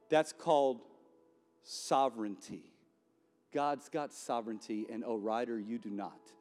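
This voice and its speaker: A man's voice: mid-range voice, fairly even intonation, measured pace, a little mellow, long reverb tail, soft background music. Impassioned male pastor preaching in chapel. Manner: impassioned, conversational, repeats key lines. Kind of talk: sermon.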